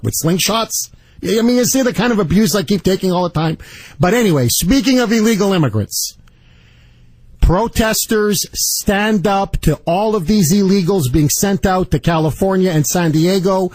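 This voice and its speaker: A man hosting a talk radio show, telling stories in an animated, indignant way and taking calls. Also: high voice, moderate pace, dry recording. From Canada. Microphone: studio microphone.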